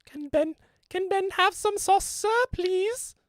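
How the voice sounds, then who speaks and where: A man voicing a whiny young man who begs and pleads politely in a high squeaky voice. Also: slow pace, no echo, clean studio sound. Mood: begging.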